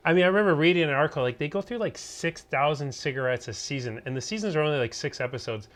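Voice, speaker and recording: A man's voice: fairly high pitch, fast, fairly bright tone. A man hosting a podcast, talking through his views on a TV series. He is opinionated but hedges often and restarts his sentences as he goes. He speaks into a studio podcast mic. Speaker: podcast host. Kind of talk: casual podcast review chat.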